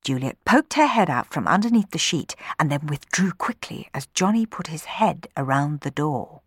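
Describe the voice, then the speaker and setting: Woman narrator, lower voice, very animated storybook reading, dry close sound. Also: moderate pace, breathy edge, dry recording. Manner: expressive, dramatic reading.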